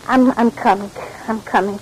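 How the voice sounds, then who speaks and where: A woman's voice: fairly high pitch, steady tone, normal speed, darkish tone, a little hiss or hum, lightly acted, rough recording. An actress playing a fussy, flustered middle-aged mother who stammers and repeats her words in a 1940s radio comedy. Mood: fussing.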